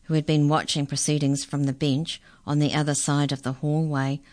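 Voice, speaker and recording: Low, slow woman storyteller for children; dry close recording. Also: no room sound. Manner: unhurried, expressive reading. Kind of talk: storybook reading.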